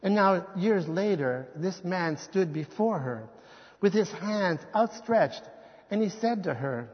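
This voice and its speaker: A man with a high voice preaches earnestly, and each phrase lingers in a long hall reverb. The sound is muffled and dull, as if captured on a modest church recording. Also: lively intonation, slow pace. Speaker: pastor. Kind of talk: sermon.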